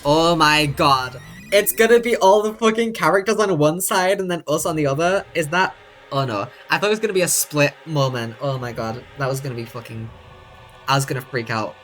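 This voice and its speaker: A young woman streaming a game, talking in a low voice and reacting with sarcastic, casual commentary. She swears freely and laughs a lot, with faint music underneath. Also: fairly quick. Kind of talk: casual let's-play commentary.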